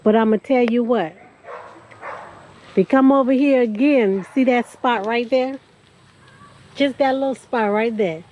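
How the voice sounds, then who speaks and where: A woman's voice: on the high side, measured pace, long pauses, darkish tone, poor audio. A woman, chatting and joking outdoors in a casual camping vlog. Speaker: vlogger. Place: outdoor campsite.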